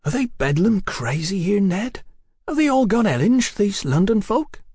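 A man playing a rustic young fellow with a Sussex drawl, pitched up and wondering. His voice rises and falls widely in a dry, close audiobook reading. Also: very animated, darkish tone, husky, dry recording, heavily acted. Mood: marvelling. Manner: slow drawl. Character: rustic young country brother.

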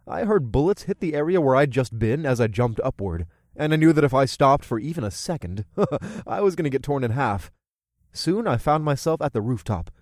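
A man reading a first-person action audiobook, his pitch rising and falling with animated expression. The voice sits at a middle pitch, and the recording is dry and close with no room sound. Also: no room sound. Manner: lively, expressive storytelling. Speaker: audiobook narrator.

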